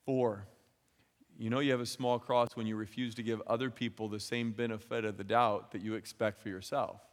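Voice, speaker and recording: A man's voice: on the low side, level tone, normal speed. A man preaching a sermon in a chatty way, often repeating words and acting out the voices of people he quotes. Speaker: pastor. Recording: long hall reverb.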